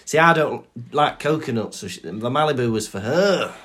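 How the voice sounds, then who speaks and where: A man's voice: mid-range voice, moderate pace. A man, co-hosting a podcast in casual chat, telling jokey stories and recapping a book chapter. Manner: jokey, animated storytelling. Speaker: podcast co-host.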